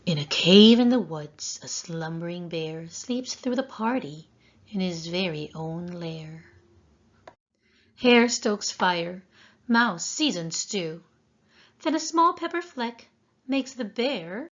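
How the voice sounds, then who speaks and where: A woman, a preschool teacher, reading a picture book aloud to children in an expressive sing-song way. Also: mid-range voice, takes it slowly. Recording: dull lo-fi sound.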